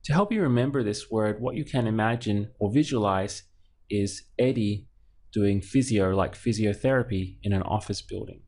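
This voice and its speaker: Low-voiced man teaching a patient lesson. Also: a little mellow. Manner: patient, explains slowly and repeats words. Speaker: Spanish teacher. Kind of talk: language lesson narration.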